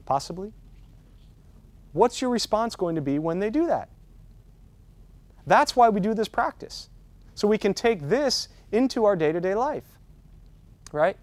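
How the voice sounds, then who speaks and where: Guy teaching a meditation workshop, kinda high voice, dry room, keeps saying right?. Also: lively intonation, unhurried, pauses often, a little mellow, no room sound. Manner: conversational, keeps asking "right?", builds intensity on key points. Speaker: meditation trainer.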